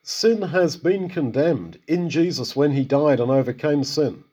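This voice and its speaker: A man teaching from Scripture in an easy, conversational way, often turning to put questions to his listeners. His voice is husky and mellow, with a dark, relaxed tone. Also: fairly high pitch, a little slow. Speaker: Bible teacher. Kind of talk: conversational Bible exposition.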